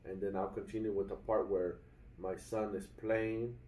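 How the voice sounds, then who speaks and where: Man, young adult, casual vlog, rambling with fillers, talks to viewers as guys, low mellow voice, hotel room. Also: little pitch movement, normal speed, roomy sound, distant mic, a little hiss or hum, poor audio. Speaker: vlogger.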